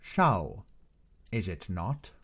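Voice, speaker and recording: A man voicing an old, learned professor who speaks in a measured, earnest, persuading way in an audiobook reading. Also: deep voice, big pitch swings, husky, full character voice. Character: old learned male professor, grave and insistent.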